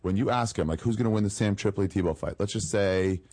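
A man hosting a casual comedy chat, joking and swearing in quick banter. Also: fairly low pitch, a little mellow. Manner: fast, crude, joking banter.

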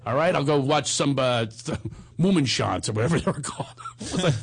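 A man's voice: mid-range voice, animated, fairly quick, vocal fry, husky. A man hosting a call-in podcast, chatting casually and ranting with comic energy. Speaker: podcast host taking calls. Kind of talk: casual chat.

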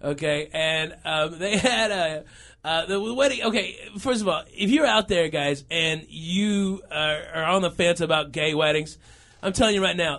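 A man in his thirties telling a funny story in a casual chat, animated and laughing through his lines, often saying okay and all right. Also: a little high, moderate pace.

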